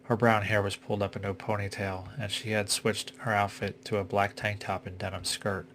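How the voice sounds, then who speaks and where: A man reading a suspense story aloud in a steady, unhurried way. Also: lowish voice, a little hiss or hum. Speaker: reader. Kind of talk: audiobook story narration.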